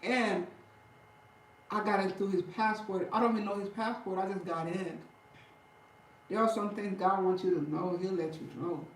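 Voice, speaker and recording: A woman chatting casually with her viewers, telling stories in an animated way, laughing and breaking into loud bursts. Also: medium pitch, normal speed, pauses often, a little hiss or hum. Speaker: vlogger talking to viewers. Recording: roomy and distant from the mic.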